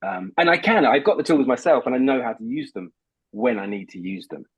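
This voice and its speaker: A man's voice: medium pitch, a little fast, slightly rough. A man, a voice coach explaining technique in a casual podcast chat. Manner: animated, explains with examples. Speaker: voice coach guest. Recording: dull, dry, slightly lo-fi.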